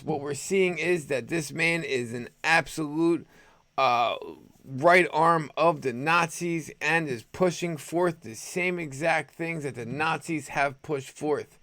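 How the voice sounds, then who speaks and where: A man's voice: fairly high pitch, fairly bright tone, no echo. Sarcastic man hosting homemade news. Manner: sarcastic, rambling. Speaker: host. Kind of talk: opinionated news commentary.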